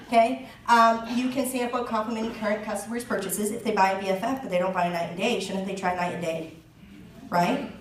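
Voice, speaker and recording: A woman in her thirties leads a sales team training, chatty and full of jokes and laughter. Her middle-pitched voice is caught from some distance, bouncing around a roomy space. A faint ambience sits behind her. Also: quick pace. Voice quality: chatty, joking, laughs often. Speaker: direct sales team leader giving a training talk. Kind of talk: chatty live presentation.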